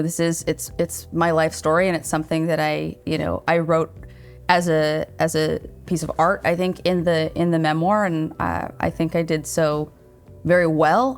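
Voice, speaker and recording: A woman in her thirties with a notably deep voice answers interview questions earnestly. She thinks aloud and often restarts her sentences. Her tone stays reflective and sincere. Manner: earnest and thoughtful, with frequent restarts. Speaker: guest, writer and showrunner.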